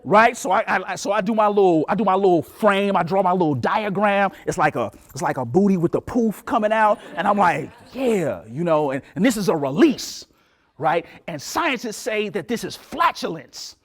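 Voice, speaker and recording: A man in his late forties giving a talk as a professor, telling a story with lively asides and acted-out voices. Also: high-pitched, normal speed. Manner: animated storyteller, acts out voices, laughs. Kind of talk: lecture with storytelling.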